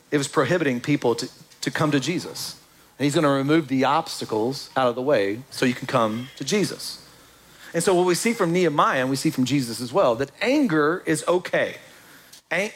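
A man preaching a sermon in a church, lively and joking with the congregation. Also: fairly high pitch. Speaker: pastor.

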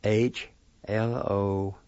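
A man's voice: fairly low pitch, level tone, darkish tone, dry recording, muffled recording. A man giving a weekly radio language lesson, spelling out each word carefully and repeating it. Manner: slow, careful spelling and repetition of words.

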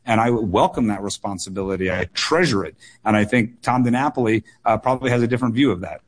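A political candidate answering questions on a call-in radio show, earnest and measured, often repeating words and pausing on fillers. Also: male voice, on the low side. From United States.

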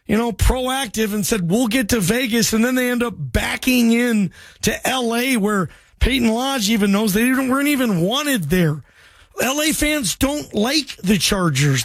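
A man hosting a sports call-in radio show, energetic and jokey with loose banter. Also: very high voice, dry recording. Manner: energetic, loose, jokey, calls callers bro.

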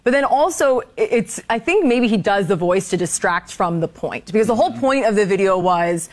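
A woman's voice: mid-range voice, animated. Skeptical woman explaining on a panel. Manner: measured, skeptical. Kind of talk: analytical panel commentary.

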